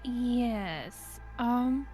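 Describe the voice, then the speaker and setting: A woman's voice: a little high, lively intonation, extremely slow, dark tone, faint music behind. A woman playing in an online tabletop game, giggly and hesitant. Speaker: player.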